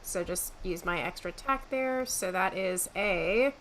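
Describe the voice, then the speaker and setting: Hesitant woman player with a bright voice. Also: on the low side, a little slow, slight background noise. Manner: hesitant, thinks aloud. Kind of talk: casual tabletop game play.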